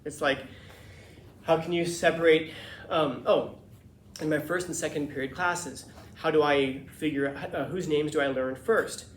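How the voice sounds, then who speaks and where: A man teaching a class, his voice pitched a touch higher than most men's. He talks in a lively, emphatic way and slips into little voices for the people he quotes. The room is echoey and has a faint hum of ambience. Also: moderate pace. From Los Angeles. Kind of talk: classroom lecture.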